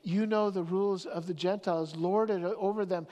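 A pastor preaching a sermon, telling stories with many restarts, moving between loud stretches and near-whispers. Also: mid-range voice, steady tone, moderate pace. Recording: long hall reverb.

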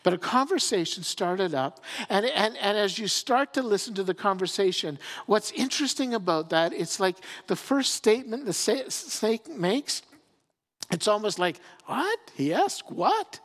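A pastor preaching conversationally, often restarting and repeating words as he builds a point. The voice sits at a middle pitch and rings with a long reverb from a large hall or church. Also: lively intonation, moderate pace, a bit bright. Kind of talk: sermon.

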